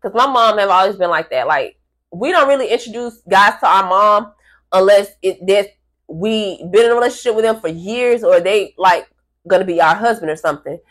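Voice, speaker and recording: Speaking to her camera at a medium pitch and a slightly quick pace, a woman tells a long personal story. She's casual and animated, swears freely, and acts out the people involved.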